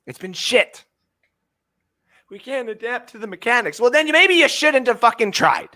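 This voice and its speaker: High-voiced Canadian man ranting loudly. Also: expressive, moderate pace. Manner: loud profane ranting, swinging between shouting and muttering. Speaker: fantasy sports podcast co-host. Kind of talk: ranting podcast chat.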